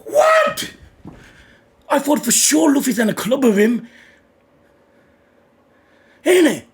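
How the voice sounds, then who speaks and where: High, gravelly, excitable male reactor. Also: takes it slowly, pauses often, a little hiss or hum. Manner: swings between loud excited shouting and low muttered reading-along. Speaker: manga reaction streamer. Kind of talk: live reaction commentary.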